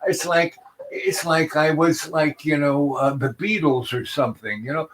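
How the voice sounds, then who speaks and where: A man hosting a comedy show, telling a meandering story full of restarts and absurd deadpan asides. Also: fairly high pitch, unhurried, slight background noise. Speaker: comedic YouTube host. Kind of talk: rambling comic storytelling monologue.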